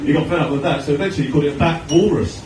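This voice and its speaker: A middle-aged Australian man doing a stand-up comedy set, telling chatty stories with deadpan punchlines. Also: fairly high pitch, very fast, crowd noise. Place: comedy venue stage with audience laughter. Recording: echoey room from far off, noisy.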